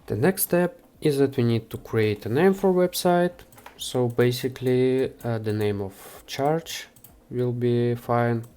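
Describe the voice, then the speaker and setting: A man hosting a software how-to, talking the viewer through each step with frequent hesitations. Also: medium pitch, clear, resonant tone, soft background music. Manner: unhurried, with frequent "uh" fillers. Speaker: software tutorial host. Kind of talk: screen-recorded how-to walkthrough.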